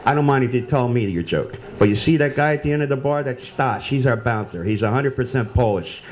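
A man voicing a gruff, warning bartender inside a joke, his tone low and steady. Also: brisk, lightly acted.

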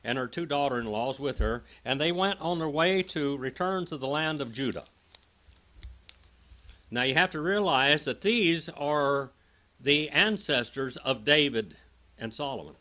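Preacher, male, bright, clear tone; reads verses, then chats through them. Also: fairly high pitch, animated, unhurried. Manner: conversational Bible teaching, reads scripture then explains it. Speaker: pastor. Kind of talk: sermon.

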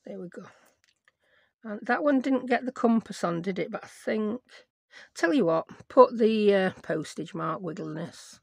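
A woman's voice: medium pitch, a little slow, creaky, breathy edge, no room sound. A middle-aged woman, hosting a chatty crafting tutorial and rambling to herself as she works. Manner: rambling, self-mocking, talks to herself while working. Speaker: craft channel host.

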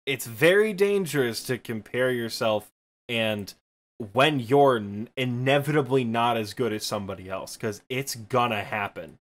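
Michigan-accented man chatting casually. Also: mid-range voice. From Midwestern United States. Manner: rambling, self-deprecating, quick bursts with fillers. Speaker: podcast co-host. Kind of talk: casual chat.

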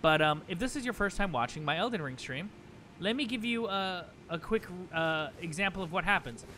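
A man's voice: high voice, animated, a little fast, bright, forceful tone, slight background noise. A man live-streaming a game, talking casually and directly to his chat viewers, rambling with many fillers and restarts while game music plays.

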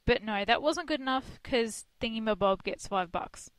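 A woman's voice: a little high, moderate pace, no room sound. A woman, co-hosting a casual internet radio chat and telling stories with frequent laughter. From Australia. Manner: chatty storyteller, laughs often. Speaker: co-host.

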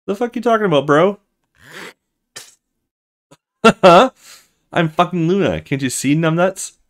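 A man's voice: high-pitched, animated, slow pace, pitched above the performer's own voice. A man doing a crude monster posing as a young woman. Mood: taunting. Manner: crude, mocking, swearing.

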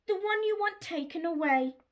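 A woman's voice: high-pitched, animated, slow pace, sharp tone, full character voice. A woman voicing a nervous, dramatic young cow in a children's storybook read-aloud, wailing and mooing anxiously.

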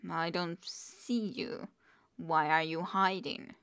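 A woman's voice: fairly low pitch, fairly even intonation, slow pace, a bit bright, clear, resonant tone. A woman reading the lines of a lost, polite young male clerk, hesitant and courteous.

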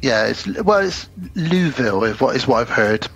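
A man's voice: medium pitch, lively intonation, moderate pace, a bit bright, soft background music. A British man co-hosting a casual podcast, chatting easily and reading a listener's email aloud. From United Kingdom. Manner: easygoing, chatty, laughs often. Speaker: podcast co-host.

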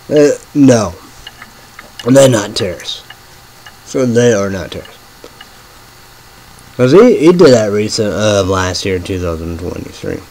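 A man rambling in a halting monologue, full of fillers, dropping to a murmur and then bursting out loud and swearing. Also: lowish voice, lively intonation, a little hiss or hum, poor audio. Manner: swings from murmuring to sudden loud outbursts. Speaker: vlogger.

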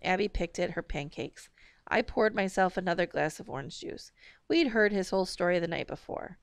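A woman reading a novel aloud in a steady, measured narration. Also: on the low side, clear, resonant tone, no room sound, studio quality. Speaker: audiobook reader.

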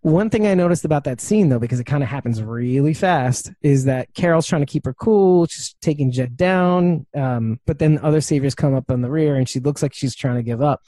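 A man's voice: on the high side, a little fast, hardly any pauses, mellow, no echo. A man co-hosting a podcast in casual chat, rambling with many fillers and restarts. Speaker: podcast co-host.

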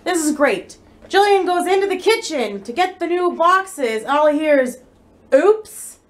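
A young woman chatting casually in a home vlog, exasperated, swinging between flat mutters and shrill outbursts. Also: moderate pace. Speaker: vlogger. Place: home, indoors.

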